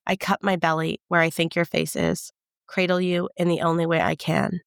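A woman giving a measured, intimate first-person audiobook narration. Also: on the low side, flat delivery, gravelly, dry recording, studio quality.

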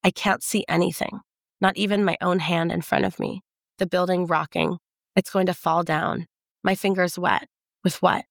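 A woman giving a measured, intimate first-person audiobook narration. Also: on the low side, little pitch movement, creaky, no echo, clean studio sound.

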